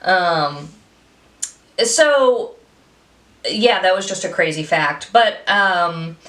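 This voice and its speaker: A young woman co-hosting a casual movie review podcast, telling stories in a profane, animated way. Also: on the low side, drawn-out words, echoey room. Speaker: podcast co-host.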